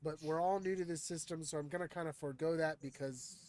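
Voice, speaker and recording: A man's voice: fairly high pitch, steady tone, fast, a little mellow. Easygoing man running a tabletop game. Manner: laid-back, joking, swears freely. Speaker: game master. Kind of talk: casual tabletop session chat.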